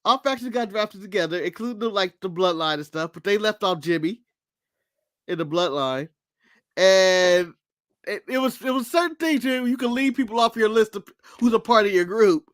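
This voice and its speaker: Male podcast co-host, high bright voice, dry close sound, blunt and jokey. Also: animated, moderate pace, no echo. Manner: blunt, joking, swears freely. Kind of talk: casual wrestling podcast chat.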